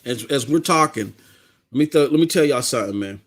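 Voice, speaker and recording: A middle-aged man, hosting a casual live gaming stream, animated and repetitive, laughing often. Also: mid-range voice, a little fast.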